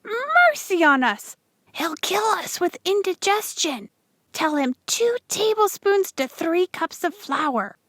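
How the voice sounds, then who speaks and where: A woman reading aloud, voicing a brisk farm mother who turns hoarse with a cold, in a high, lively voice. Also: no room sound, studio quality, exaggerated voice. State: hoarse and croaking when sick. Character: worried farm wife, mother, turning hoarse.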